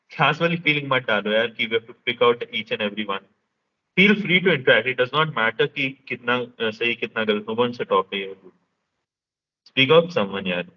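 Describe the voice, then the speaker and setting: A man hosts an online session in a chummy, coaxing way, over muffled call audio. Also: mid-range voice. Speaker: session host. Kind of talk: casual online session hosting.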